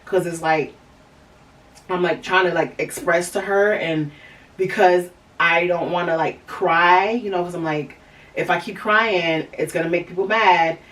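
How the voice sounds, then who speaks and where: Low-voiced woman telling a personal story. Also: a bit bright, far from the mic, poor audio. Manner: rambling, many fillers and restarts. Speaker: podcast host.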